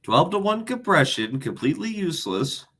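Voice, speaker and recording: A man's voice: sits high, very animated, takes it slowly, pitched above the performer's own voice, heavily acted. A man doing an impression of a boastful foreign reporter who speaks broken English and keeps repeating "very nice". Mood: goofy.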